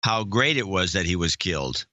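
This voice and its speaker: A man's voice: deep voice, lively intonation, moderate pace, sharp tone, muffled recording. A man co-hosting a podcast, chatting casually in a blunt, dismissive way. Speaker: podcast co-host. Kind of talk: casual chat.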